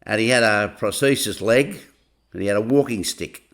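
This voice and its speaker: Low-voiced man telling a yarn. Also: moderate pace, a bit bright. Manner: rambling, chatty retelling full of "I said, he said". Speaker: storyteller. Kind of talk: casual anecdote.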